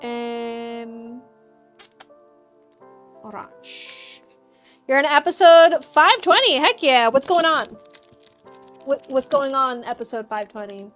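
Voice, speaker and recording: A woman's voice: high voice, animated, moderate pace, fairly bright tone, soft background music. A woman hosting a craft livestream, chatting upbeat with her viewers and laughing often while she works. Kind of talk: casual chat with live chat while crafting.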